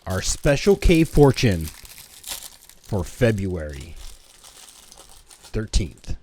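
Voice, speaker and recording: A man's voice: fairly low pitch, very animated, drawn-out words, a little mellow, slight background noise. A man co-hosting a casual podcast, easygoing, reading out a fortune and addressing everybody. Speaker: podcast co-host.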